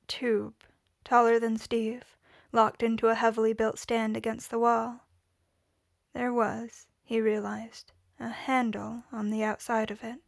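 A woman reads fiction aloud in a steady, measured way. Her voice is a little high and keeps a narrow pitch range. The sound is dry and close. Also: vocal fry, no room sound. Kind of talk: audiobook-style fiction reading.

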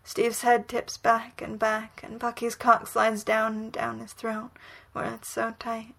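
A woman reading a romantic story aloud in whispered role-play, soft, breathy and unhurried. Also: a little high, monotone. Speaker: reader.

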